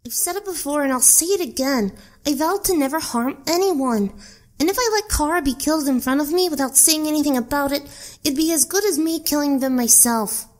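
A woman's voice: sits high, a little fast, close to an everyday voice. A woman voicing an earnest child in a fan dub, speaking firmly. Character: earnest child who vowed never to harm.

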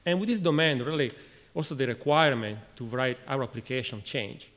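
A man from Italy with an Italian accent gives a technical conference talk in a halting way, restarting phrases and questioning the audience. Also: mid-range voice, animated, fairly bright tone. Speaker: conference speaker. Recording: reverberant lecture hall.

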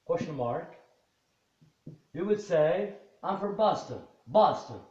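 A man's voice: fairly high pitch, animated, slow pace, darkish tone. A man teaching an English lesson, repeating phrases patiently and switching to Arabic to translate. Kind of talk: bilingual classroom lesson. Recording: roomy, slightly dull recording.

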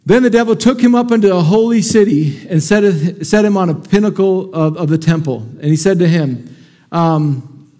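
A man's voice: on the high side, normal speed, gravelly, warm tone. A man, a pastor, preaching a conversational sermon to his congregation and often asking them questions. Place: church sanctuary before a congregation.

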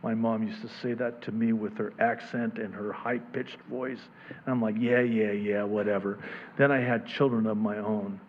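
A male pastor preaching a conversational sermon, swinging between loud emphatic peaks and soft low murmurs, chuckling at his own asides. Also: steady tone, moderate pace, muffled recording, slight background noise.

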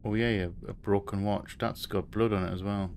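A man's voice: fairly low pitch, fairly even intonation, normal speed, gravelly, a little mellow, slight background noise. A man giving let's play commentary on a horror game: he reads notes aloud, jokes nervously, jumps at scares and swears often. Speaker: streamer playing a horror game.

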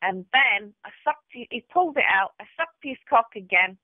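A woman's voice: fairly high pitch, expressive, normal speed, no room sound. A woman leaving an abusive voicemail rant, foul-mouthed, taunting and hostile. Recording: tinny phone voicemail.

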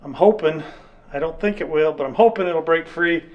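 A man's voice: a little high, moderate pace, highs cut off, a little hiss or hum. Easygoing man in a garage. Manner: easygoing, practical, dry humor. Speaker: mechanic vlogger. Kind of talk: casual shop talk to camera. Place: garage and outdoor yard.

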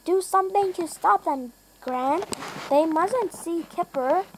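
An urgent young boy with quick ideas in a children's storybook, read by a woman. The reading is slow and high. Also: a little hiss or hum, exaggerated voice, rough recording.

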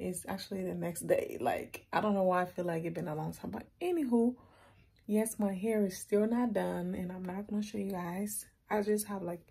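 A young woman in her late teens vlogging at home in casual, chatty, upbeat talk full of slang, now and then dropping into soft whispery asides. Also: mid-range voice, creaky, husky, low-quality recording. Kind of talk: casual vlog chat to camera.

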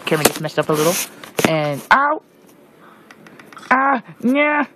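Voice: medium pitch, big pitch swings, fast, very noisy. A gamer giving casual let's-play commentary, jumpy and shrieking at monsters while muttering asides in between. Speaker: gameplay commentator.

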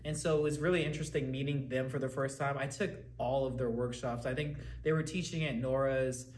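A man's voice: medium pitch, fairly even intonation, brisk, darkish tone. A man co-hosting a casual chat, telling stories eagerly and gushing about people he admires. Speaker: podcast co-host. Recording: roomy echo, faint background hum.

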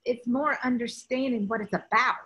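A woman's voice: fairly high pitch, steady tone, normal speed, a bit bright, highs cut off. A woman from the US South, a spiritual teacher, talking with emphasis in a rambling way, often restarting her sentences. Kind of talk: spiritual talk in conversation.

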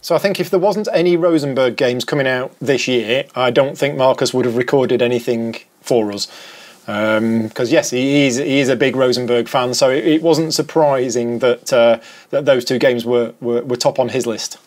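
Podcast host guy, mid-pitched, chatty, keeps restarting sentences. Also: normal speed. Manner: hesitant, many restarts. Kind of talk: casual chat.

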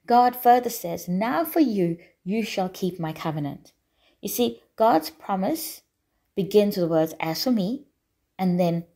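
Woman preaching a deliberate sermon. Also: lowish voice, darkish tone. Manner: deliberate, emphatic preaching with repeated phrases. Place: church.

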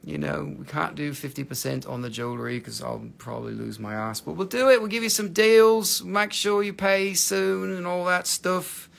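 A man's voice: on the high side, moderate pace, gravelly, few pauses, fairly bright tone. A man with an Appalachian accent hosting a casual livestream to sell minerals, joking around and rambling with lots of "you know". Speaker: livestream host selling minerals.

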